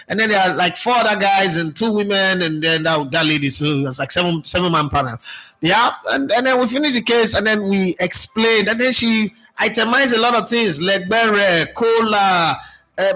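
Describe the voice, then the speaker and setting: Nigerian guy hosting, high bright voice, tells stories all over the place, restarts a lot. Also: normal speed, poor audio. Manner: animated, switches into pidgin, many restarts. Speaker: host. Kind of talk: casual storytelling monologue.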